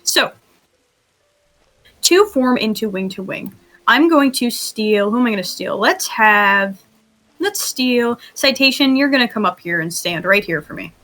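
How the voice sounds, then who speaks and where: A woman's voice: fairly high pitch, expressive, a little slow, fairly bright tone, a little hiss or hum. A woman leading a group roleplay training, giggly and often laughing as she gives instructions, with bouts of coughing. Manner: coughing fits. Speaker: training host.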